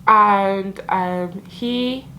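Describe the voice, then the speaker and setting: A woman's voice: mid-range voice, drawn-out words, sharp tone, slight background noise, rough recording. A young woman in a reflective year-end vlog, talking in a heartfelt, emotional way with lots of filler likes. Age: young adult. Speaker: vlogger.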